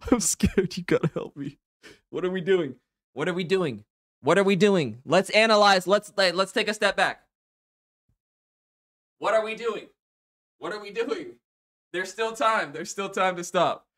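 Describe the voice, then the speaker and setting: A young man hosting a live stream, excitable and jokey, hyping up his chat with mock-dramatic yelling. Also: sits high, a little slow, pauses often, no room sound, studio quality. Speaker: livestreamer. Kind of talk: live-stream chat and fan fiction reading.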